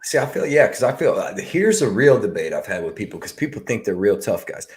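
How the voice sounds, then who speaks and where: Lowish guy w a southern twang, rambly animated live stream co-host, lots of "like" and "man". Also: fairly quick. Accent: Southern US, picked up. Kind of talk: casual live-stream chat.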